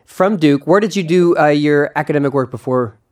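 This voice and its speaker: A man's voice: on the high side, fairly quick, a little mellow. A young man hosting a podcast in casual chat, eager and rambling, often restarting his sentences and laughing along. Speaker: podcast host.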